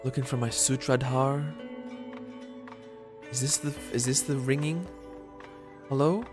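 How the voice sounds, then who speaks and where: A man's voice: medium pitch, steady tone, measured pace, over music. A man streaming live gameplay, making casual, sarcastic asides while reading a text game. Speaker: streamer playing games.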